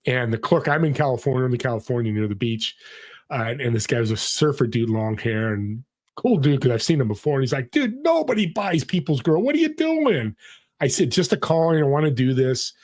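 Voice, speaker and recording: Here a middle-aged man, guesting on a podcast, recounts a personal experience in an earnest, motivating way, imitating those he quotes. He talks fast in a mid-range, darkish voice, keeping it conversational.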